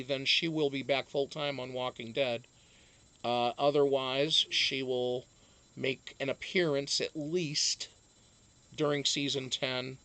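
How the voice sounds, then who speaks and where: Hosting a casual live stream, a man with a medium-pitched voice chats to viewers in a rambling, filler-heavy way, punctuated by sudden animated outbursts.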